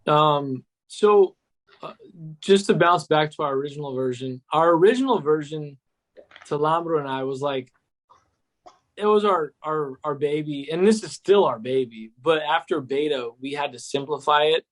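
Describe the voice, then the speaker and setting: A man's voice: fairly high pitch, normal speed. A man, an app co-founder, chatting enthusiastically and loosely on a podcast, full of "like" and "cool". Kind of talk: casual podcast chat.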